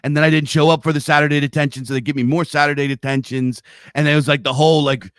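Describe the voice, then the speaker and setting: Talking quickly and flatly, a middle-aged man from Pennsylvania hosts a casual podcast, wandering through stories and swearing without restraint. His fairly bright voice sits on the high side and carries his Pennsylvania accent, recorded echo-free on a live-stream studio mic.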